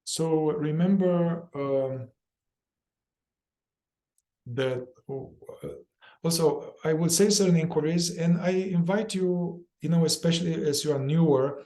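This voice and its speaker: Here the therapy group leader's voice sits on the high side and sounds mellow. His guidance is loose and repetitive, and he plays out inner voices in fast, chant-like phrases with the odd swear word.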